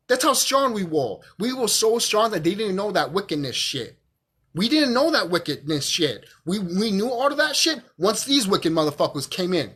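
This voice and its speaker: A man's voice: high voice, sing-song, normal speed, a bit bright, slightly rough. A drunk man, stuttering a little, delivering a profane, emphatic monologue to camera as a vlogger and repeating himself for force.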